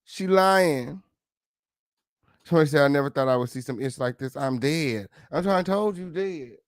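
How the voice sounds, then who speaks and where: A man's voice: mid-range voice, quick pace, no echo, clean studio sound. A man hosting a gossip show, reacting to a clip with profane, mocking commentary. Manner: profane, mocking, loud laughs.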